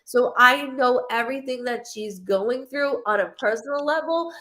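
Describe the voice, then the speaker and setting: A woman's voice: high voice, moderate pace, fairly bright tone. A woman psychic medium giving a live reading, talking in a rambling, emotional way and cursing freely.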